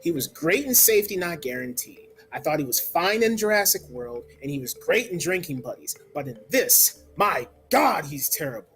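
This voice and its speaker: A man reviews a movie in a blunt, loose rant, filling his sentences with "like" and the odd curse. His voice sits a bit high for a man. Soft music plays faintly behind him. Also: big pitch swings, normal speed, hardly any pauses. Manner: blunt, ranting, peppered with "like" and swearing. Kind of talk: casual spoken review.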